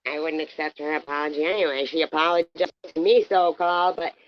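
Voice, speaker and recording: Low-voiced woman, cursing and combative. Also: fairly even intonation, fast, a little hiss or hum. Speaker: livestream host. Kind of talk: heated livestream argument. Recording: dull dry lo-fi sound.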